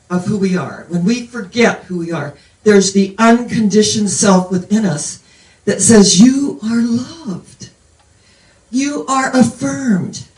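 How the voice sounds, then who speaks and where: A woman's voice: mid-range voice, warm tone. Older woman preacher, distant roomy sound. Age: 70s. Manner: meandering storytelling. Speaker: minister. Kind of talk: sermon.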